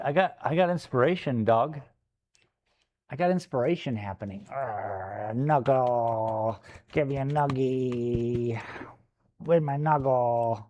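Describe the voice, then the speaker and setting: A man's voice: mid-range voice, dark tone, highs cut off. A man chatting casually and playfully on a live stream from a gallery studio while he paints, joking with his puppy.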